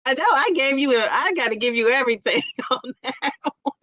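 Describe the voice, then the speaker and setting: A woman hosting a casual live chat stream, reading out viewer comments in a playful, excitable and teasing way. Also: sits high, fairly quick, dull audio.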